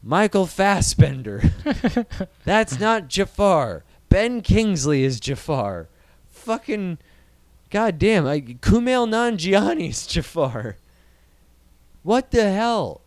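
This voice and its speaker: A man in his thirties from Iowa holds forth on movies with heated, profane energy. His voice sits a bit high and comes through smooth and resonant. The sound is dry, with no room around it. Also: slow pace, no room sound. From Iowa, USA. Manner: animated, ranting, swears a lot. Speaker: podcast host. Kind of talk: casual profane movie-news chat.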